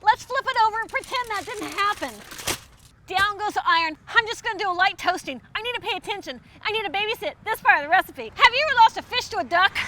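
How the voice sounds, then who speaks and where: A woman with a very high, bright, sharp voice hosts a comedy cooking show. She talks theatrically and spins small mishaps into melodramatic rants. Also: expressive, fast, a little hiss or hum. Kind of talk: mock-dramatic comedy cooking monologue.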